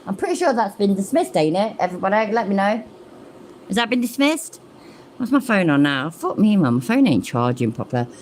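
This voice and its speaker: A woman's voice: mid-range voice, very animated, fairly quick, a little mellow, a little hiss or hum. A woman hosting a reaction commentary, blunt, sweary and mocking. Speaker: commentary channel host.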